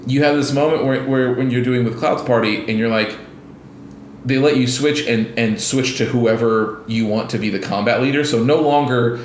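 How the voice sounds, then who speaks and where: A man's voice: mid-range voice, moderate pace, roomy sound, a little hiss or hum. A man co-hosting a casual gaming podcast, rambling with lots of restarts and fillers and acting out scenes as he retells them. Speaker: podcast co-host.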